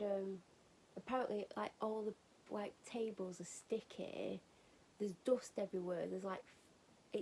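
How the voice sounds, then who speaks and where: Woman vlogger, casual rambling storyteller, mid-pitched, some gravel in the voice. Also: mellow, slight background noise, rough recording. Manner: chatty, rambling, laughing at her own story. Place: at home getting ready for bed.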